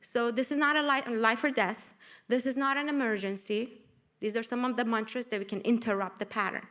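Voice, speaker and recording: Animated woman coaching a live audience. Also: fairly high pitch, fairly quick. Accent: Persian. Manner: animated, coaxing, asks the room for agreement. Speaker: author and workshop speaker. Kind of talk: live book launch talk with group exercises. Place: event room with live audience.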